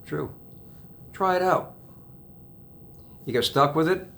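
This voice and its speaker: Rambling man hypnotist, soft "okay?"s. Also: slow pace, vocal fry, a little hiss or hum. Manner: rambling, restarts sentences, repeats key phrases; drops to a soft, low "okay?" after points. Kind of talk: casual self-help talk to camera.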